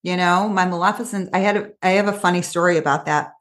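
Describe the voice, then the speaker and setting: A woman coach, a guest on an interview podcast, telling stories in a quick, animated way with lots of asides. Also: fairly low pitch. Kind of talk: casual interview chat.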